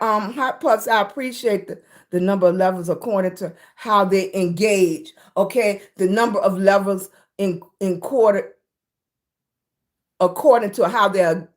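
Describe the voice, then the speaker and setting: A middle-aged woman hosting a casual livestream from her room, chatting and greeting viewers by name, often calling them baby. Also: mid-range voice. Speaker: livestream host.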